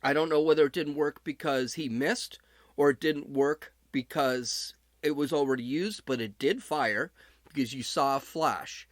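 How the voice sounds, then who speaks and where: A man's voice: on the high side, measured pace, no room sound. A man hosting a podcast, talking casually as he recounts events, often restarting his sentences. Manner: conversational recounting with frequent restarts. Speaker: podcast host.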